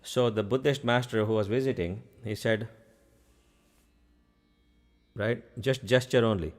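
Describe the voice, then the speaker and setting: A man's voice: medium pitch, a little slow. A man telling a parable in a casual way during a spiritual talk. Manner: casual, with frequent fillers. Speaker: spiritual speaker.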